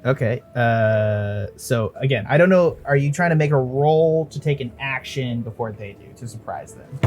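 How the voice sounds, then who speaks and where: A male game master at a mid pitch, narrating scenes and ruling on rolls in a blunt, joking way full of swearing. Soft music plays under his talk in this tabletop podcast. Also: expressive, normal speed.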